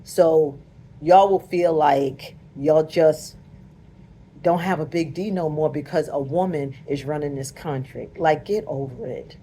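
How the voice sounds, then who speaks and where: A woman's voice: low voice, a little slow, warm tone, slight background noise. A woman, talking straight to viewers in an emphatic, preachy way. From United States. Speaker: vlogger. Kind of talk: casual direct-to-camera commentary.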